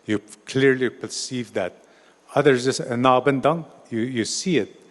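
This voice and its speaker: A man's voice: medium pitch, unhurried. Informal male storyteller in a reverberant hall. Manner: informal, restarts words, says "eh". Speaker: storyteller and speaker at a treaty gathering. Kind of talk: oral storytelling talk.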